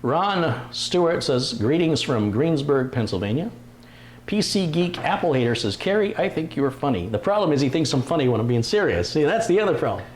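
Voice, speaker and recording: A man's voice: fairly high pitch, sing-song, brisk. A man hosting a live stream, chatting casually, joking and reading viewer comments aloud. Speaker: livestream host. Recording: roomy echo, faint room noise.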